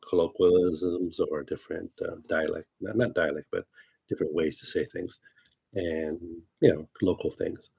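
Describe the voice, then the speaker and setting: A man's voice: sits low, creaky, dark tone, breathy edge. A man talking as a fortune teller on a casual livestream, rambling loosely with many fillers and asides. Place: lives in California.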